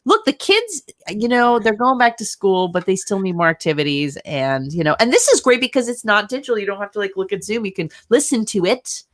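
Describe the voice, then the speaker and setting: A woman talking as a guest on a video call, lively and playful. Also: medium pitch, a little fast, hardly any pauses. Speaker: guest playwright. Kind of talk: casual chat.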